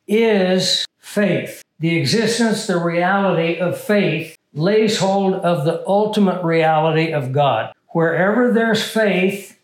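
Man, pastor, emphatic teaching sermon, fairly high voice, reverberant church. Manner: teaching, emphatic, asks the congregation questions.

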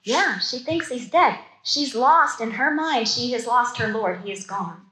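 A woman's voice: a little high, lively intonation, a little slow, sharp tone. A woman giving a Bible study sermon, reading scripture aloud and breaking off to comment in casual, chatty asides. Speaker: Bible teacher. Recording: roomy echo.

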